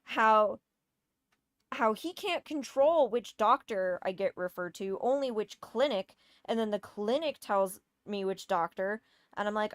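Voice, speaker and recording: A woman's voice: medium pitch, animated, measured pace, dry recording, studio quality. A woman telling a personal story in a casual, exasperated rant, swearing often and hitting key words hard. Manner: exasperated, profane, emphatic.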